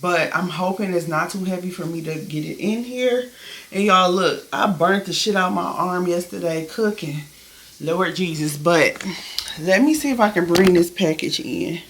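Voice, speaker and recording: A woman's voice: on the low side, moderate pace, a bit bright. A woman vlogger chatting casually to camera, frank and talkative, calling her viewers y'all and swearing freely, over a noisy background. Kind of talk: casual vlog chat to camera.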